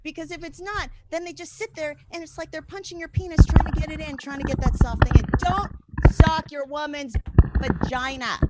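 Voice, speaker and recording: A woman's voice: sits high, steady tone, moderate pace, very noisy. A woman in her thirties hosting a comedy show and doing bawdy, conversational stand-up.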